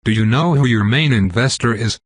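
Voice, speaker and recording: A man reading the lines of a composed female vampire commander with a smooth voice and a faint Southern accent, calm and condescending. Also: medium pitch, fairly quick, dry recording, studio quality, natural voice. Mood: cool. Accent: faint American Southern.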